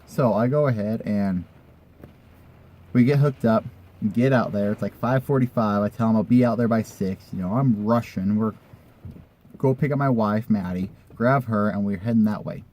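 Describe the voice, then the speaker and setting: A man's voice: fairly low pitch, moderate pace, darkish tone. A man in a casual vlog, telling a personal story in a rambling, conversational way with the odd swear word.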